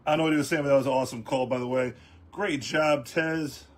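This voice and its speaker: A man's voice: mid-range voice, fairly even intonation, quick pace. A man hosting a casual sports talk show, rambling along with lots of ums and restarts. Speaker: host.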